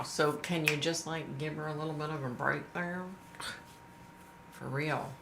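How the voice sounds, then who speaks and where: Brief: low-voiced, bright-toned woman, middle-aged, casual sympathetic livestream host, echoey room with faint hiss. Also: steady tone, unhurried, vocal fry, pauses often. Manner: chatty, sympathetic, greets viewers by name.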